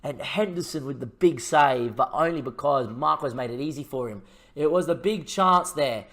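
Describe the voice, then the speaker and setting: A young man commentating his own football management game in a casual, chatty way, getting loud and excited at big chances. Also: mid-range voice, normal speed. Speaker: gaming YouTuber.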